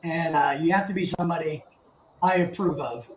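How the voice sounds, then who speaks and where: A man's voice: fairly high pitch, moderate pace. A man hosting a casual live stream, chatting and greeting viewers by name in a rambling way. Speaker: livestream host. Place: living in the Philippines. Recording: echoey room, faint background noise.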